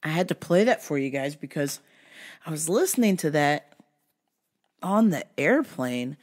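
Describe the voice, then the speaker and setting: A hoarse woman from California hosting a casual solo podcast, chatty, laughing often and swearing freely. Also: deep voice, sing-song, unhurried, darkish tone. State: hoarse from yelling. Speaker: podcast host.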